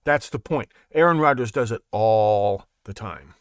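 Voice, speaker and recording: A man's voice: on the low side, measured pace, clear, resonant tone, no room sound, clean studio sound. A man hosting his own show, talking in a rambling, sarcastic way and laughing at his own jokes. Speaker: podcast host. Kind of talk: casual monologue.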